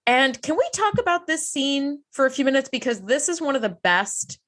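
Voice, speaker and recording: A woman co-hosts a friendly podcast conversation. Her talk is expressive and chatty, with a pitch that jumps around a lot. Her voice sits slightly high and she laughs easily. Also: moderate pace. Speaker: podcast co-host. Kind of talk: casual chat recapping an episode.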